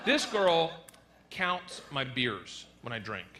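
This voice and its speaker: A man performing stand-up on stage, bantering with the crowd and rising to loud bursts. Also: medium pitch, big pitch swings, takes it slowly. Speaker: stand-up comedian. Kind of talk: stand-up comedy. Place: comedy stage. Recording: noisy live comedy club.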